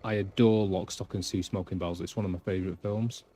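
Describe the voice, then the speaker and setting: A man's voice: low-pitched, steady tone, fast talker, mellow. A man with a Northern English accent chatting casually on a live stream, rambling and blunt. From England, between Manchester and Yorkshire.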